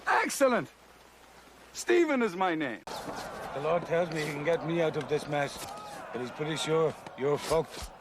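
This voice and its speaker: A wild, eccentric man who insists the Lord speaks to him. He drawls slowly, his pitch leaping high and low in a sing-song way. The clip has a clear hiss of noise behind him. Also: animated. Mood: gleeful. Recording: noisy film clip.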